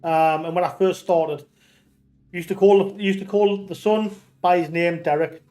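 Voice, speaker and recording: A Geordie man from North East England chats casually while streaming a game, his high voice dark in tone and fairly even at normal speed. He tells rambling stories, restarting often and swearing freely.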